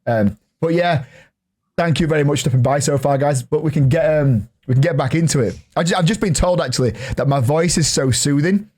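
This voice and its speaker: A man with a Yorkshire accent hosting a casual podcast, chatty and jokey, reading out shout-outs. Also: on the high side, fairly quick. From Yorkshire, England. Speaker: podcast host.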